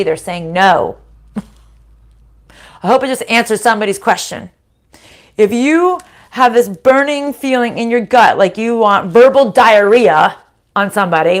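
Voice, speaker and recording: Her medium-pitched voice keeps things casual as she gives viewers a spiritual card reading. Chatty and reassuring, she frequently asks "right?" and "okay?"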